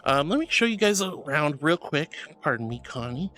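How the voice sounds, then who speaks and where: A woman's voice: low-pitched, big pitch swings, moderate pace, a bit bright. Giggly bubbly woman streamer. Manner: giggly, bubbly, reads chat aloud. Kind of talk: casual live-stream chat.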